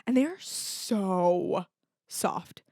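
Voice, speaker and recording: A woman's voice: mid-range voice, animated, extremely slow, dark tone, no room sound, studio quality. A young woman hosting a casual solo podcast, chatty and candid, with lots of filler words and the odd swear. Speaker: podcast host.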